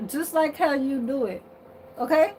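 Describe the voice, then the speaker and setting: A woman's voice: high-pitched, a little slow, noisy background. A woman vlogger chatting casually to her viewers from her bedroom, sassy and blunt, swearing freely and laughing often.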